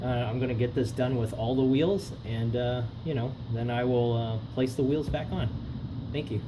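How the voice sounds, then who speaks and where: A man talks through a car job as he does it, in a loose, rambling way that is full of fillers and restarts. His voice sits at a middle pitch. He is picked up by a camera mic, with clear garage noise behind him. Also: steady tone, moderate pace. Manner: rambling, with frequent fillers and self-corrections. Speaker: car hobbyist filming his own work. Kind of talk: casual how-to narration.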